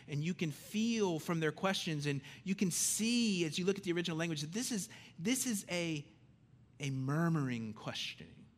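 With a voice on the high side, a man delivers a lively, conversational sermon that swings from loud emphasis to quiet, hushed lines.

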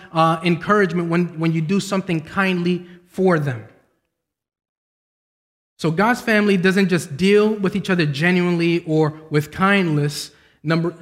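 Young male preacher, high voice, lively storytelling sermon, long hall reverb. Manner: storytelling preacher, voice climbs high when excited. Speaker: pastor.

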